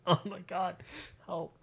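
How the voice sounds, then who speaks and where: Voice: medium pitch, fairly bright tone. A streamer voicing a game live, talking in a giggly, breathless, self-mocking way. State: in a laughing fit.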